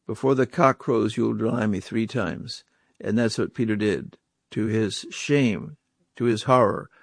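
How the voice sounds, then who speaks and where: A man's voice: medium pitch, dry recording. Emphatic male preacher, dry close sound. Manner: emphatic, asks the audience rhetorical questions. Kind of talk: sermon.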